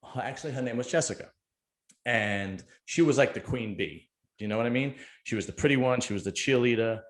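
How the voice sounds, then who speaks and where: A man's voice: mid-range voice, brisk. A middle-aged man, hosting a casual chat and telling a rambling, joking story. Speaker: podcast host.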